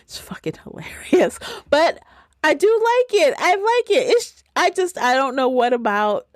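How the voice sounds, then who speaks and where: A woman co-hosting a casual book podcast, animated and often laughing, swearing casually as she talks. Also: high voice, measured pace, no room sound, clean studio sound. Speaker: podcast co-host.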